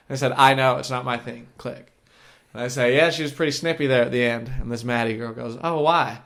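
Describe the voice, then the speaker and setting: A man's voice: mid-range voice, steady tone, a little fast, fairly bright tone. A man co-hosting a podcast, telling a rambling, crude story in casual chat and laughing as he goes. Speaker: podcast co-host. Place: shared room with co-host.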